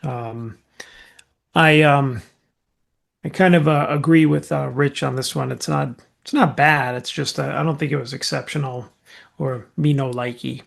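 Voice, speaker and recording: A man's voice: fairly high pitch, fairly even intonation, moderate pace, creaky. A man co-hosting a music podcast, hesitant with many fillers. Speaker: podcast co-host. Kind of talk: casual chat.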